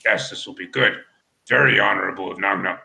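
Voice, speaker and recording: A man voicing a pompous male frog-folk chief in a tabletop game, halting and repeating his words. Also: low voice, creaky, sharp tone, heavily acted, low-quality recording.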